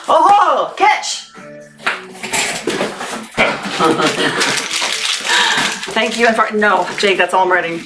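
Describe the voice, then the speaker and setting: A woman's voice: medium pitch, expressive, unhurried, pauses often, a little hiss or hum, low-quality recording. A young woman hosting a casual livestream, chatty, laughing and rambling as she works. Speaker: livestream host packing orders.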